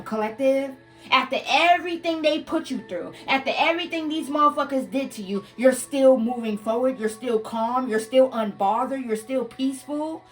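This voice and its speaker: A woman's voice: on the high side, distant mic. Blunt profane tarot reader woman. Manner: blunt, profane, addresses listeners as y'all. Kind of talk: casual live tarot reading. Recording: voice a bit off-mic with faint music.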